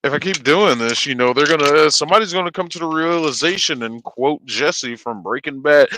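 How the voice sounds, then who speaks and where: A man's voice: on the high side, fairly quick, few pauses, poor audio. A man co-hosting a casual livestream chat, a truck driver who jokes and acts out voices. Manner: animated, jokey, acts out quotes loudly.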